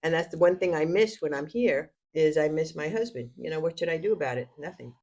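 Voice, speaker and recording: A woman's voice: low voice, brisk, highs cut off. An older woman, a grandmother, chatting at home and telling boastful, funny stories with lots of laughter. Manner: lively, boastful storyteller who laughs often. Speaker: podcast guest grandmother. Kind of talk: casual chat.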